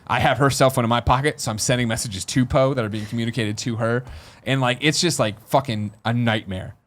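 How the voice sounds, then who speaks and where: A man in his thirties tells a story on a podcast, talking very fast at an ordinary middle pitch. He acts out the voices of the people in his story with lively, animated delivery. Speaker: podcast host. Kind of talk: casual storytelling.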